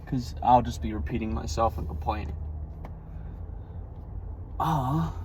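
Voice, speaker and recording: A man's voice: medium pitch, measured pace. A tired young man venting in a casual, profane, rambling monologue, frustrated and worn out. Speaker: vlogger. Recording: dull lo-fi audio with loud traffic noise.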